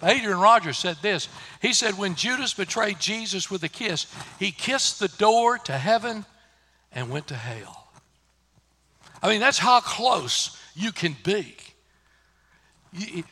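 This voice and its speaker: A man preaching a sermon, swinging between loud emphatic lines and hushed low ones. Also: very animated, moderate pace, husky. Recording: reverberant church hall.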